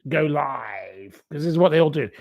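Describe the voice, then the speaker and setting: A man's voice: on the high side, lively intonation, moderate pace, vocal fry, a little mellow. A man hosting a live stream, rambling and scornfully insulting the people he talks about.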